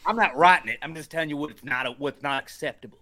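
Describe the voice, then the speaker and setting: A man's voice: a little high, fast talker, sharp tone. A man putting on a blustery Southern guy. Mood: lecturing. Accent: Southern US, put on. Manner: blustery, lecturing, calls people buddy. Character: indignant Southern American man, gruff and preachy.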